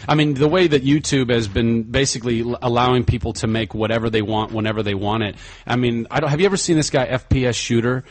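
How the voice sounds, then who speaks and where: A man chatting casually as a podcast guest, enthusiastic and animated, often trailing off into fillers. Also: mid-range voice, fast, few pauses. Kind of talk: casual chat.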